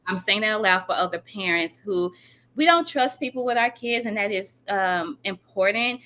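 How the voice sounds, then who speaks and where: Bright-voiced woman giving earnest advice. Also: mid-range voice, lively intonation, moderate pace. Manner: emphatic, earnest advice with eager agreement. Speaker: podcast guest, educator. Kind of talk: casual podcast conversation.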